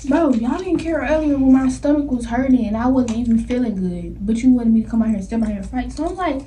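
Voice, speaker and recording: A young woman vlogger telling a story in an animated, slangy way, laughing often. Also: a little high, fast. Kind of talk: storytime vlog. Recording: somewhat distant mic with faint noise.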